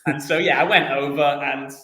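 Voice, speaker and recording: A man's voice: fairly high pitch, fairly even intonation, normal speed, bright, forceful tone, reverberant, rough recording. A young man, a footballer guest, telling stories in a casual chatty interview, rambling with lots of restarts and fillers.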